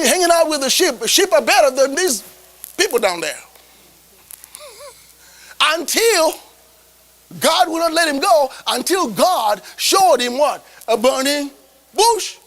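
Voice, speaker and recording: A man's voice: very high voice, lively intonation, moderate pace, pauses often, bright, forceful tone, low-quality recording. A man preaching a sermon as a bishop, emphatic, tossing rhetorical questions at the congregation.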